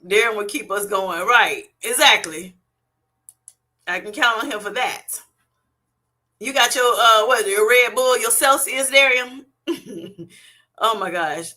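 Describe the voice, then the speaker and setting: A woman's voice: a little high, takes it slowly, pauses often, sharp tone. A woman hosting a livestream from her phone at work, reading out viewers' comments, laughing often and teasing them playfully. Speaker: livestream host.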